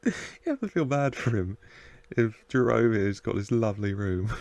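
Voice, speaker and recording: A man's voice: fairly low pitch, animated, normal speed, a little mellow, no room sound. A man casually reacting to a TV episode, chatting, laughing and muttering asides to the screen. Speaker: reaction video host.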